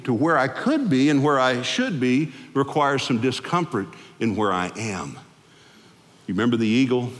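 A man preaching a sermon to his congregation, animated, with sudden swings in pitch and loudness as he acts out the people he quotes. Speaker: pastor. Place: church sanctuary. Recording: long hall reverb.

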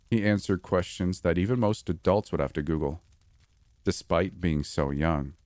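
Deep-voiced man reading a horror story. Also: no echo, studio quality. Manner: steady, measured first-person reading. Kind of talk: scripted horror story narration.

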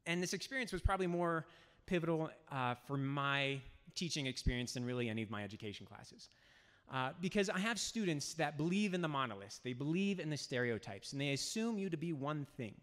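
A man, a high school teacher, telling a humorous personal story on stage and acting out the dialogue. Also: lively intonation, fairly quick, a bit bright. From United States. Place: event stage in a hall. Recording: hall reverb.

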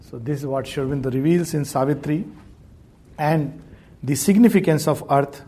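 A man with a husky, slightly high voice gives a spiritual talk. He tells parables in a lively, animated way, often chuckling between lines. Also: moderate pace. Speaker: spiritual teacher. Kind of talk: spiritual discourse with storytelling.

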